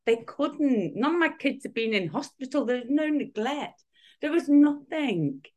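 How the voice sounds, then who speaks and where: A woman's voice: on the high side, animated, unhurried, a little mellow. A woman in her fifties, a guest in a casual interview, talking in rambling sentences full of restarts and fillers. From United Kingdom. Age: 50s.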